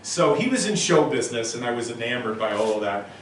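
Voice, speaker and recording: A man's voice: medium pitch, fast talker, slight background noise. Echoey, distant man in his sixties lecturing. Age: 60s. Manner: animated storyteller, punchy emphatic delivery. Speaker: motivational speaker. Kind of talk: live lecture with audience participation. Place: lecture room with a live audience. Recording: very echoey room, voice from a distant mic.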